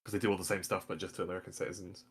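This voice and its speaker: A man's voice: sits low, level tone, very fast, a crowd in the background. A man explaining his views in a casual podcast discussion, opinionated and peppered with "like". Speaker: podcast co-host.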